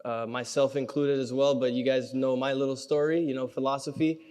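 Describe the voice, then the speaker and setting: A young Canadian man hosts a gala as a comedian, mixing stand-up with an auction and teasing the audience energetically. His mid-range voice is brisk, darkish, and clean, with little pitch movement. The recording carries the echo of a large, reverberant banquet hall.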